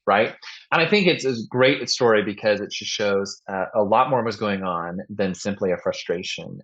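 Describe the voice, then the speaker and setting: A man hosting a podcast, telling stories in a casual way and acting out the voices of the people in them. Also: lowish voice. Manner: animated, acts out voices in his stories. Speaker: podcast host. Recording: dull, muffled lo-fi sound.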